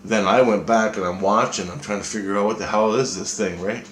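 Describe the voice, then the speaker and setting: A man's voice: on the low side, fairly even intonation, a little fast, fairly bright tone. A man casually retelling a dream, rambling and cursing, with frequent restarts. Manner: rambling, profane, restarts often. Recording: echoey room, faint noise.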